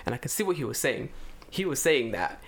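A man in Japan talks fairly quickly at medium pitch, retelling a story in animated, foul-mouthed chat. He voices the other characters himself along the way.

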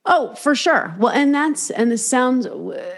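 A woman's voice: sits high, unhurried. A woman hosting a podcast, talking casually, swearing freely and rambling through restarts while acting out voices in her stories. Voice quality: swears freely, animated storytelling with acted-out inner voices. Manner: rambling, restarts mid-sentence. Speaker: podcast host. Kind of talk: casual chat.

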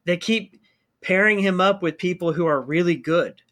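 A man's voice: high-pitched, moderate pace, fairly bright tone. A man chatting casually, laid-back and agreeable, chiming in with short replies. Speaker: podcast co-host. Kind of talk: casual chat.

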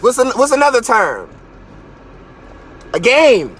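A man hosting a live stream, ranting in a profane, mocking way from his car and sometimes breaking into shouts. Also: very high voice, wildly swooping pitch, takes it slowly, slightly rough. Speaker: podcast host.

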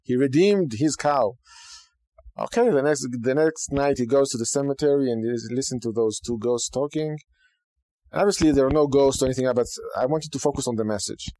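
A man's voice: mid-range voice, fairly quick, dry recording. Dry-voiced man teaching casually. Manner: conversational, animated, frequent okay and right asides. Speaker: podcast host teaching Judaism.

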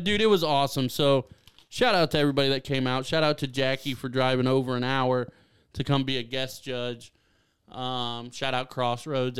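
A young man from Ohio co-hosting a podcast, chatting casually and excitably, laughing often and saying dude and man a lot. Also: mid-range voice, smooth. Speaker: podcast co-host. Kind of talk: casual chat.

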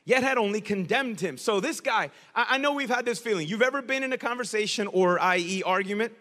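A man preaching a sermon in a casual, slangy, animated storytelling way. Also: high voice, brisk, long reverb tail.

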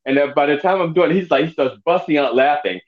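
A man's voice: fairly high pitch, fast talker, narrow, tinny audio. A male comedian telling stories in casual podcast chat, swearing freely and restarting his sentences often. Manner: rambling storyteller, swears freely, many restarts. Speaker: comedian guest.

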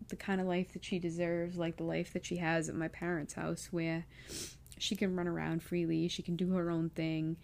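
A woman's voice: fairly low pitch, flat delivery, moderate pace, vocal fry, a little mellow. A young woman vlogging casually about leaving home, emotional and close to tears, with many fillers. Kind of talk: casual personal vlog.

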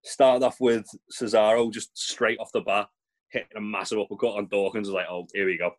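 A man's voice: fairly low pitch, fairly even intonation, fairly quick. A man, co-hosting a podcast, recapping wrestling in a rambling, sweary casual chat. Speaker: podcast co-host.

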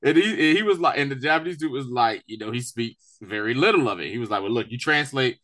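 A fast-talking man with a mid-range voice co-hosts a TV review podcast. In a casual recap chat, he retells scenes in slang with animated storytelling, acting out the characters' lines.

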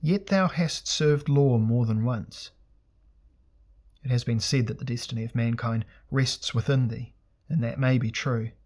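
A man reading an audiobook, voicing a calm ancient male god of justice in solemn, archaic, measured speech with a pure, sweet tone. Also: mid-range voice, natural voice. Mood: serene.

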